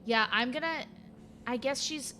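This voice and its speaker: A woman's voice: high-pitched, a little slow, bright, forceful tone, slight background noise. A woman playing a tabletop role-playing game, chatty and giggly, describing her cat character's actions. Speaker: player. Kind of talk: casual tabletop play.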